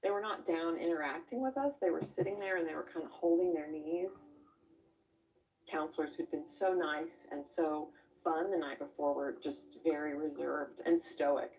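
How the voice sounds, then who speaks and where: Interviewee: woman, former camper, lowish voice, reflective pauses, distant mic. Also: darkish tone. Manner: reflective, halting storytelling. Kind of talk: documentary interview.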